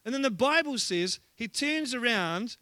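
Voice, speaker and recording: Full of energy and humour, a man preaches a lively sermon as a pastor, telling stories in a voice that's high, bright and forceful. He speaks a little slowly. It's a close, dry recording without any audible room sound.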